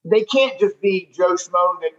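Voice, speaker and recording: A man telling a long, animated story in a casual interview, rambling and full of restarts. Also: high-pitched, measured pace, a little hiss or hum. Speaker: golf tournament director. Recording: dull lo-fi sound.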